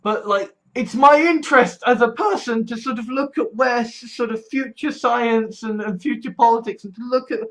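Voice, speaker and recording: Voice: mid-range voice, moderate pace, hardly any pauses. A vlogger talking anxiously about the future, swearing often and restarting phrases, scared and distressed. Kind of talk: personal political vlog.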